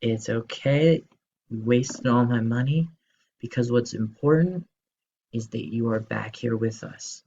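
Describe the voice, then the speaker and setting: A man's voice: medium pitch, measured pace, creaky, warm tone, lo-fi sound. A male teacher voicing a loving father welcoming his son home, in a children's story. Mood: tender. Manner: tender, reassuring. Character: loving, forgiving older father.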